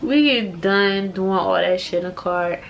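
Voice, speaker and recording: A woman in her twenties from the Washington DC area, telling a story to camera in a casual, animated, profane way. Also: medium pitch, a little slow, a little hiss or hum. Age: 20s. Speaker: vlogger. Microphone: compact camera mic.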